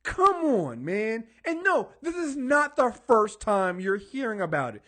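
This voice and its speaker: High voiced guy ranting on a podcast, swears a lot, voice jumps all over. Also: big pitch swings, measured pace, bright, forceful tone. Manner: swearing, emphatic, repeats words when worked up. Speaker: podcast co-host. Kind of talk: heated casual podcast rant.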